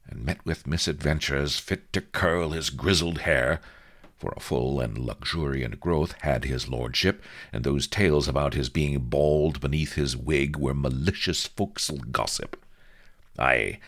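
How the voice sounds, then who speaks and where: A man reading a comic adventure story aloud as narrator, with wry, lively storytelling. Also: a bass voice. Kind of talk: audiobook narration.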